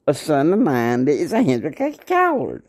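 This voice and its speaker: A man voicing a gruff, proud middle-aged father who talks curtly and defensively. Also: fairly high pitch, wildly swooping pitch, moderate pace, a little mellow, full character voice.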